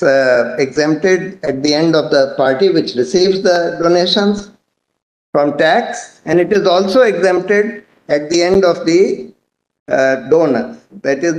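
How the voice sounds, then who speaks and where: A man with an Indian accent arguing a case before a court, explaining points in a measured, methodical way and formally addressing the bench. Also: fairly high pitch. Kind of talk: courtroom legal argument. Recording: echoey courtroom audio.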